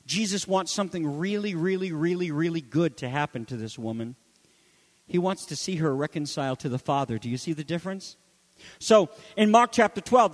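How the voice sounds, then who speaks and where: Passionate male preacher, high voice, reverberant sound. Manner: impassioned preaching, swinging from loud emphasis to hushed asides. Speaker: pastor. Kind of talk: sermon.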